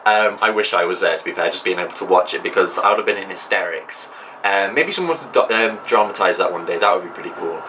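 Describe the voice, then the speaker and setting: A male vlogger talks straight to his viewers, keen and chatty, with ums between thoughts. His voice has a bright, forward edge. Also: deep voice, quick pace, a little hiss or hum, rough recording. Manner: enthusiastic, chatty, with frequent ums. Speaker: channel host. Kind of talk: casual vlog talk to camera.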